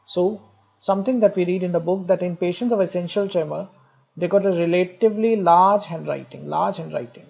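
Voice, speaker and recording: A man's voice: high-pitched, fairly quick, gravelly, darkish tone, muffled recording. A man giving a medical lecture, explaining step by step, repeating key terms and speaking directly to students with light jokes. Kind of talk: recorded exam-prep lecture.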